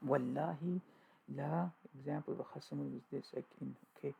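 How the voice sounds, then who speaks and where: A man teaching an informal grammar lesson, halting with fillers and restarts, repeating key terms as he goes. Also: fairly high pitch, fairly even intonation, gravelly, warm tone, slightly rough, poor audio.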